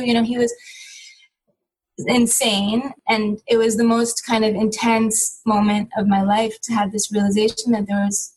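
Middle-aged woman, interview guest, earnest and reflective, slightly high voice, personal storytelling. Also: little pitch movement, measured pace, poor audio. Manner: earnest, reflective, with frequent restarts.

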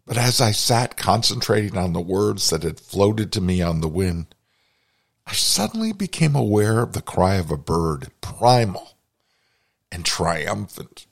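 Man, podcast host, personal story told slowly, husky low voice, reflective. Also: sing-song. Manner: reflective, confessional.

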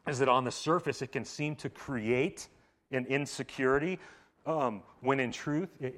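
A man preaches a sermon in a relaxed, conversational way, his talk peppered with "like" and quick restarts. His voice sits in an ordinary middle pitch. He jumps from loud, emphatic bursts down to hushed, almost murmured lines. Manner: casual, conversational preaching full of "like". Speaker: pastor. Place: church service.

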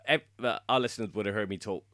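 A man's voice: lowish voice, fast talker, bright, forceful tone, no echo, studio quality. A man co-hosting a podcast, explaining lore in casual chat and laughing often. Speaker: podcast co-host.

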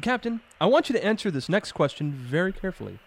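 An actor playing a formal, grave admiral. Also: male voice, high voice, very animated, quick pace, gravelly, full character voice. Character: formal, stern admiral, male, middle-aged.

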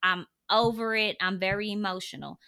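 A young pregnant woman speaks in a bright, forward voice at an ordinary middle pitch. She offers parenting advice in a casual, conversational monologue. Her delivery is earnest and direct. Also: fairly even intonation, normal speed.

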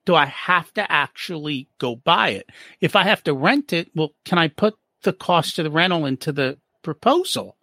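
A man's voice: a little high, moderate pace, hardly any pauses, no echo, clean studio sound. A man speaking as a guest in a casual interview, explaining money habits and acting out short exchanges in different voices. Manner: animated, acts out little dialogues. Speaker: business profitability guest.

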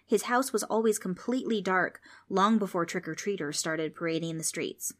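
A woman reading a children's storybook aloud as narrator, steady and expressive. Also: lowish voice, normal speed.

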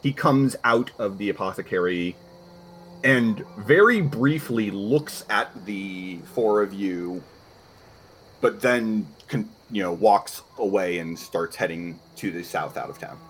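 Lively-voiced male game master. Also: lowish voice, takes it slowly, a little hiss or hum. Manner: relaxed, filler-heavy narration. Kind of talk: narrating a tabletop game.

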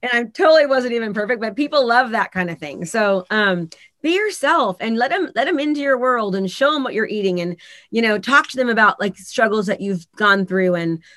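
A woman's voice: a little high, brisk, no room sound. A woman, a real estate agent and coach, talking candidly in a casual podcast interview and acting out the people she quotes. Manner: candid, animated storytelling with voiced quotes.

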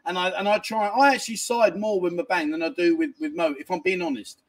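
A man's voice: sits high, fairly even intonation, fast talker. A man hosting a casual livestream, reading out viewer messages and rambling in a chatty way, with casual swearing and lots of restarts. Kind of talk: casual live chat. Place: a family home in a village, indoors.

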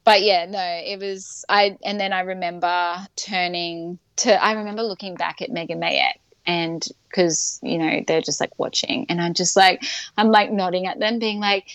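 A woman tells her birth story in a relaxed, rambling way, full of fillers and little laughs. Her voice sits a touch low and has a gravelly fry to it. The recording is close and dry. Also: normal speed, dry recording. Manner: chatty, many fillers, laughs often. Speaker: guest.

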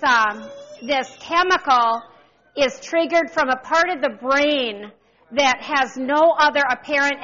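A woman in her sixties preaching a sermon, animated and calling out to the congregation for responses. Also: on the high side, lo-fi sound.

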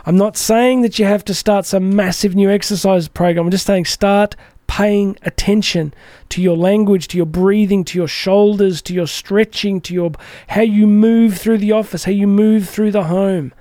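An energetic man hosting a motivational podcast, with a fairly high but warm, mellow voice. He talks chattily and acts out the voices of the people he quotes. The recording is close and dry, with no room echo. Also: normal speed. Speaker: podcast host.

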